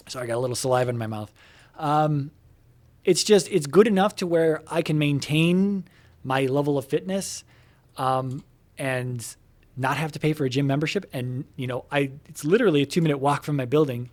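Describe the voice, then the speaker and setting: A man's voice: fairly high pitch, moderate pace, a little mellow. Rambling man chatting while gaming. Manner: meandering, filler-heavy, swears casually, breaks off to comment on the game. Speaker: gamer talking to viewers while playing. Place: home computer room in an apartment.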